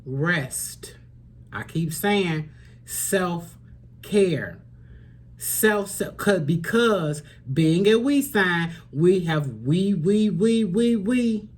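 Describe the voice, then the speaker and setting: This tarot reader's voice is on the low side and animated, with drawn-out words. She gives a spiritual reading to camera in an earnest, preachy way, repeating phrases for emphasis and at times falling to a soft near-whisper.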